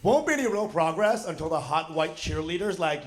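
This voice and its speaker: A man doing a stand-up set on a club stage, brash and punchy, shouting his punchlines into a handheld mic. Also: fairly high pitch, expressive, fairly quick, heavy background noise. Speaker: stand-up comedian. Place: comedy club stage with laughing audience. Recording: loud audience laughter over the voice.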